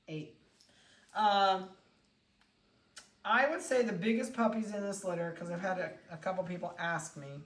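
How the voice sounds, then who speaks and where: A woman's voice: mid-range voice, fairly bright tone, far from the mic. Chatty woman breeder in an echoey room. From central Ohio, USA. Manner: chatty, laughs often, coos at the puppies. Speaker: dog breeder. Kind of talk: casual talk while handling puppies. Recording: echoey room, away from the mic.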